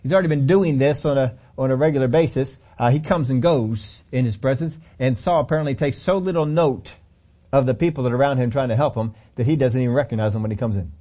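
A man's voice: medium pitch, fast, warm tone. A middle-aged male pastor preaching a sermon, telling the story animatedly with acted-out quotes and chuckles.

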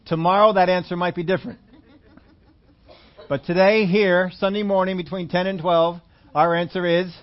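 A man preaching a sermon, slowing down and stressing key phrases and repeating points for his listeners to note down, now and then chuckling at his own jokes. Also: sits high, fairly even intonation. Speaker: pastor. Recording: dull lo-fi sermon audio.

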